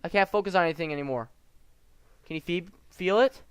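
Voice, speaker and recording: Teen boy voicing a panicky shy game girl, breathless and stammering, high bright tone. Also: brisk, smooth, no echo. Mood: frantic. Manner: breathless, rising pitch, stammering. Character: shy young woman, frantic and overwhelmed.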